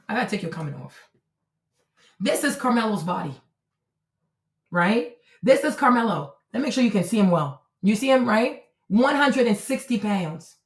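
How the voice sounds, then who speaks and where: A woman's voice: a little high, fairly bright tone, reverberant. A woman hosting a live-stream commentary, talking bluntly and profanely as she lectures a viewer in her chat. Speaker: livestream host.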